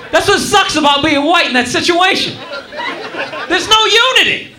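A male stand-up comedian telling a profane, animated story on a club stage. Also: very high voice, background noise. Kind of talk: stand-up routine. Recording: echoey club with crowd laughter. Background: audience laughing.

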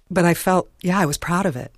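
A woman's voice: lowish voice, slight background noise. A woman being interviewed, talking casually and chattily with lots of "like". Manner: chatty, peppered with "like" and laughs. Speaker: interview guest. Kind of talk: casual conversation.

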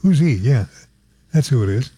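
Older guy hosting talk radio, mellow voice, chatty and offhand, dry sound. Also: medium pitch, lively intonation, moderate pace, slightly rough, no room sound. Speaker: radio talk show host.

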